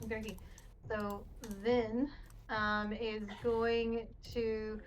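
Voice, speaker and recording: Woman player, slow and hesitant, on the higher side, music behind. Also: little pitch movement, a little hiss or hum. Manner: slow, hesitant, with many fillers. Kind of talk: describing her character's actions. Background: background music.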